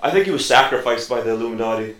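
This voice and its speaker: A man hosting a loose, crude podcast chat. He jokes and rambles and hesitates with fillers, and his mid-pitched voice rings in an echoey room. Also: lively intonation, rapid-fire, fairly bright tone. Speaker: podcast host. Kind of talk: casual crude banter.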